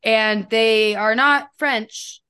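A woman's voice: fairly high pitch, extremely slow, pushed and bright, smooth. A young woman co-hosting a podcast in casual chat, swearing and laughing as she talks. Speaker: podcast co-host.

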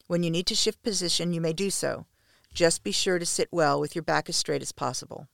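A woman voicing a stern, commanding female captain who gives clipped, measured orders in a story reading. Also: fairly low pitch, creaky, fairly bright tone, dry recording, studio quality.

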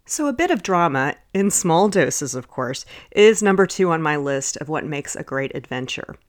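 Middle-aged woman host telling personal stories. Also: lowish voice. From Texas. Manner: lively anecdotal storytelling with chuckles. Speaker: podcast host. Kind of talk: personal storytelling podcast.

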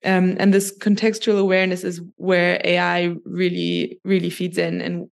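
A woman, a podcast guest, explaining things in a measured way with many small restarts. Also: on the low side, monotone, vocal fry. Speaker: guest, company chief of staff. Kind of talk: podcast interview.

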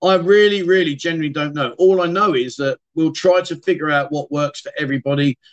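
A man's voice: on the high side, brisk, lo-fi sound. A middle-aged British man hosting a casual livestream, chatting loosely with viewers, often trailing off and restarting his sentences. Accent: British English. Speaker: livestream host. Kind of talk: casual livestream chat reading viewer comments. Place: home streaming room.

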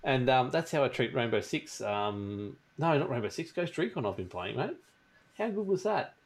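A man's voice: mid-range voice, very animated, normal speed, gravelly. A man with an Australian accent hosting a casual gaming podcast, telling stories and mimicking people. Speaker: podcast host. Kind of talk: casual chat.

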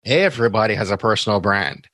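Jamaican man explaining with bright tone. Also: fairly low pitch, expressive, quick pace, dry recording. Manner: explains step by step, often checks in with "right?". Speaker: podcast guest, brand strategist. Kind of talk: casual interview talk.

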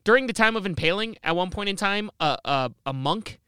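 Excitable young man telling a comedic story. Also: high voice, smooth, no room sound, clean studio sound. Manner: rambling, with quick acted-out quotes.

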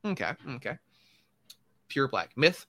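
A man's voice: mid-range voice, big pitch swings, a little slow, fairly bright tone. A man narrating as game master of a tabletop game, casual and rambling. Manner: casual, rambling, filler-heavy.

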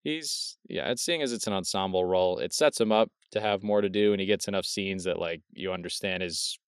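A man's voice: deep voice, a little fast, clear, resonant tone, no echo, studio quality. A man co-hosting a casual movie podcast, rambling with restarts and casual swearing. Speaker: podcast co-host. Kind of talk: casual film review chat.

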